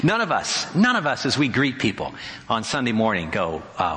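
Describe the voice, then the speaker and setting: Man, pastor, sermon, conversational, wry humor, bright tone, church hall echo. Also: mid-range voice, very animated, moderate pace, slight background noise. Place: church sanctuary. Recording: hall reverb.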